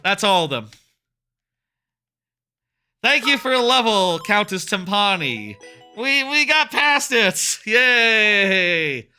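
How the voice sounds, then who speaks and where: A man's voice: high-pitched, big pitch swings, slow pace, long pauses, pushed and bright, soft background music. A man in his thirties chatting casually while live-streaming a game, rambling with many fillers and restarts. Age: 30s.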